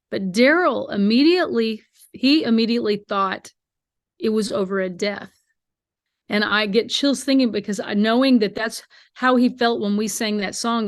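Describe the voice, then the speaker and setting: A woman's voice: mid-range voice, no echo, clean studio sound. A middle-aged woman, a bluegrass singer, telling heartfelt stories as an interview guest and acting out quoted dialogue. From United States. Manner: heartfelt storytelling, emotional, acts out quoted dialogue. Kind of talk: remote interview conversation.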